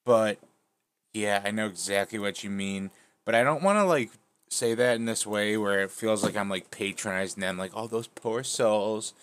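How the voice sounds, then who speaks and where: Male stream host, low voice, thoughtful and hedging, casual talk. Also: normal speed, a bit bright, clear, resonant tone. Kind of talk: casual debate chat.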